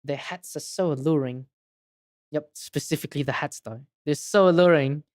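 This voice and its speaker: A woman's voice: low-pitched, moderate pace, darkish tone. A woman streamer chatting casually while playing a game, giggly and self-mocking. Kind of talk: casual gameplay chat.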